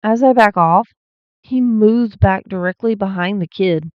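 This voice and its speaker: A woman at an unhurried pace reads ghost stories aloud as host, pausing to cut in with blunt, profane remarks. Her voice sits dry and close, with a slightly dull lo-fi sound. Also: medium pitch, no echo. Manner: breaks in with blunt, swearing asides. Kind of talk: reading stories aloud with commentary.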